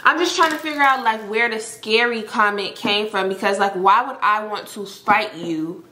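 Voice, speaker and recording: A young woman telling a story to her viewers in a chatty, animated way, full of filler words. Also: mid-range voice, moderate pace, a little hiss or hum. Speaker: storytime vlogger. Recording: echoey room.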